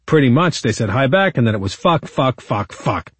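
A man's voice: mid-range voice, very animated, moderate pace, a bit bright, breathy edge, no echo. A man voicing a surly, profane courtroom witness. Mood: indignant. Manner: blunt, profane and exasperated. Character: surly defiant male witness on the stand. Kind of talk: quoted testimony in audiobook narration.

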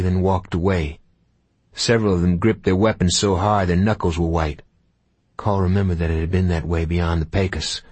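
A man narrating an audiobook in a measured, unhurried storytelling manner. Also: low voice, a little mellow, breathy edge, no room sound.

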